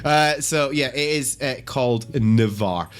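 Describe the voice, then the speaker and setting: A man from Scotland, hosting a comedy quiz in a casual, rambling, animated way and swearing freely. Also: mid-range voice, a little slow. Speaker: quiz host.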